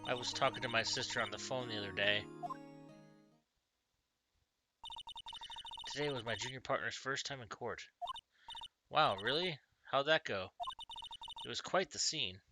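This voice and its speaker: A man's voice: mid-range voice, fairly quick, close to an everyday voice. A man voicing a frightened, timid young woman who stammers and hesitates, over game music. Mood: hesitant.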